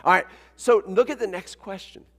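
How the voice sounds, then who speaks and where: A pastor preaches in a fairly high, lively voice, chatty and full of energy as he calls on his congregation to respond. The sound rings with the long reverb of a church hall. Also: normal speed. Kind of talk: sermon. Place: church sanctuary.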